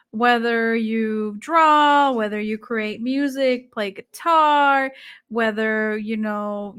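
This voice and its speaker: Female podcast host, high and encouraging, casual interviewer. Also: a bit bright, clear, resonant tone. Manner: encouraging, wraps up with a question.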